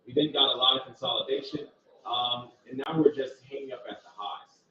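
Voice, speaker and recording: A crowd can be heard behind a man with a medium-pitched, fairly even voice who speaks fairly quickly. As host of a trading channel, he livestreams market commentary with screen share, casually and directly talking viewers through charts while thinking aloud, in roomy, distant, dull audio.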